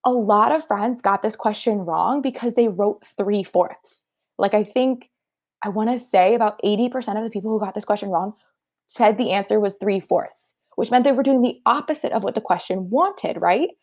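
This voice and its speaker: A woman's voice: mid-range voice, moderate pace, darkish tone. A woman teacher giving a third-grade math review lesson, upbeat and encouraging, talking through each step aloud.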